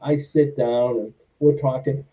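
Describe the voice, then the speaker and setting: A middle-aged former wrestler and stuntman from Boston, US, tells a long, rambling story as an interview guest, drifting onto tangents and acting out quoted dialogue. His mid-range voice is steady, mellow, and a little slow. The audio is distant and muffled.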